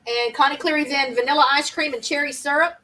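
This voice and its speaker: Woman, live-stream host, high voice, chatty, reads comments aloud, laughs a lot, a bit far from the mic. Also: steady tone, fast, sharp tone. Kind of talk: casual live-stream game hosting.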